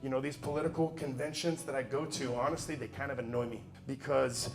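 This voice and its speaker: A man giving a motivational speech in an emphatic, preachy way, dropping to quiet asides and then pushing to loud exhortation. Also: medium pitch, fairly even intonation, fairly quick, gravelly, over music. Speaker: motivational speaker.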